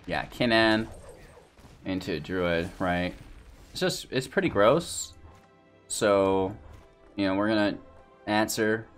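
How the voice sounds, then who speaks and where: A man's voice: on the low side, slow, long pauses, smooth, faint music behind. A man giving casual gameplay commentary and a rambling channel outro, tired and a bit out of breath, with lots of fillers. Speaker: gaming YouTuber and streamer.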